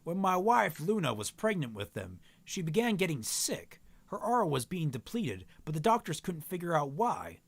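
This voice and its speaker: A man's voice: a little high, big pitch swings, normal speed, vocal fry, hardly any pauses. A man co-hosting a casual book reading, reading dialogue aloud with frequent stumbles and self-corrections. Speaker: co-host reading a novel aloud. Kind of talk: casual read-aloud, voicing characters plainly.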